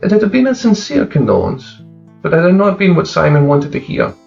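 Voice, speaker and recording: Gravelly male storyteller. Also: sits high, huge pitch swings, a little fast, darkish tone, far from the mic. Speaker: narrator. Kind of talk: dark crime fiction reading. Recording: slightly dull recording with faint guitar.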